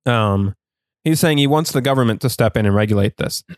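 A man's voice: mid-range voice, a little fast, darkish tone, no echo, studio quality. Laughing, chatty male podcast host. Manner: chatty, laughs often, many fillers. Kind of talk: casual chat with ad read.

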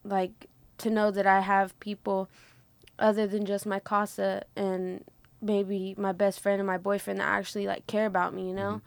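A female student talks with a gravelly fry in her voice. Her pitch stays level and flat, and she speaks candidly and haltingly. The sound is dry and close, with no room echo. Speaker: music program student. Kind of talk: casual group conversation.

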